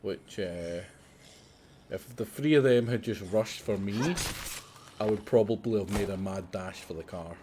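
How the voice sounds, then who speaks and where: A man's voice: fairly low pitch, measured pace, mellow, a little hiss or hum. A man streaming a survival game, chatting casually and explaining his tactics with exasperated asides. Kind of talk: casual gameplay commentary.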